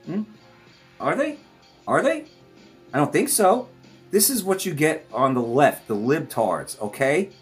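A man with a slightly higher pitch rants through reaction commentary, swearing freely and breaking into laughter. Faint music plays underneath. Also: very animated, unhurried, long pauses. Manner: profane, ranting, laughing often. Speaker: host.

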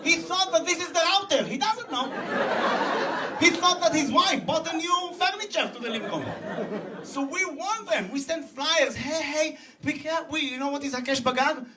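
An Israeli man performing stand-up comedy in animated, broken English, laughing at his own jokes, recorded from a stage before a live audience. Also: very high voice, normal speed, a crowd in the background. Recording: distant stage mic, loud audience laughter.

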